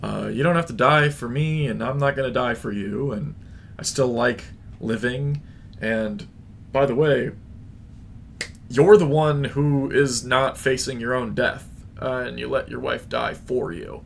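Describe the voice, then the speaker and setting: Blunt, dismissive old father, gravelly voice, voiced by a man. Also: mid-range voice, measured pace, a little hiss or hum. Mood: defiant.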